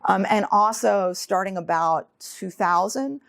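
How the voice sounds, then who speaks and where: A middle-aged American woman giving an earnest lecture, full of ums, speeding up when excited. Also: mid-range voice, unhurried, vocal fry, dry recording, clean studio sound. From United States. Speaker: guest speaker. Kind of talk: lecture talk.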